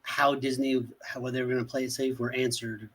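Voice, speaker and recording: A man co-hosting a casual movie podcast, excited and swearing, laughing as he acts out scenes. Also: mid-range voice, a little fast. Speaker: podcast co-host. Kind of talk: casual chat.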